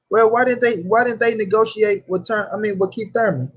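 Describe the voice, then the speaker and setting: Husky heated man ranting about boxing. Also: high-pitched, steady tone, a little fast, few pauses, low-quality recording. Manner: heated, profane, repeats points, addresses chat. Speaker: boxing commentary host. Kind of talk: livestream rant reading chat.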